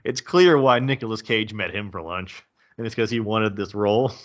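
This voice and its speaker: A man's voice: lowish voice, moderate pace, highs cut off. A man co-hosting a casual movie review podcast, laughing often and acting out quotes. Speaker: podcast co-host.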